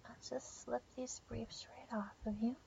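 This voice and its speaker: A young woman in a whispered role-play, speaking in a soft, teasing whisper with breathy murmurs. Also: fairly high pitch, flat delivery, measured pace. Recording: dull lo-fi audio with faint background hiss.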